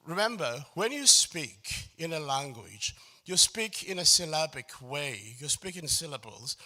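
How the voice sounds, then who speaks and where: A man's voice: on the high side, sharp tone. A man leading a choral workshop, explaining phrasing step by step and singing short lines to show it. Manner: explains step by step, often asks "does it make sense?"; sings and hums phrases to demonstrate. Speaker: choral music workshop facilitator. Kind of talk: workshop lecture.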